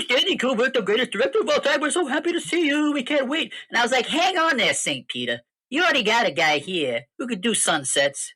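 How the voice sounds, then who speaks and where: A woman's voice: fairly high pitch, bright, forceful tone, husky, exaggerated voice. A woman voicing a brash, foul-mouthed dead male film director with a Brooklyn accent in a parody ad skit. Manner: boastful, crude, swaggering.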